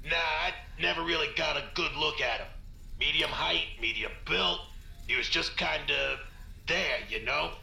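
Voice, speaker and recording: A man's voice: fairly high pitch, normal speed, gravelly, bright, forceful tone, roomy sound, full character voice. A man voicing a rude, boastful tenant in a rundown building in a video game, talking in a dismissive, crude way.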